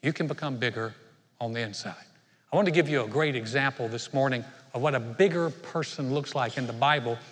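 A man's voice: mid-range voice, a little fast, fairly bright tone. A middle-aged male pastor giving a sermon, talking conversationally and joking with the congregation. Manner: conversational, self-deprecating humor with the congregation. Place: church sanctuary. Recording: long hall reverb.

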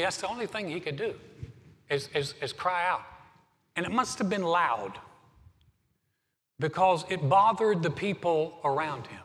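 Pastor, male, slightly high voice, preaching with swelling passion, long church-hall reverb. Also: a bit bright. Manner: preaching with rising passion, repeats words when emphatic. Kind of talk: sermon.

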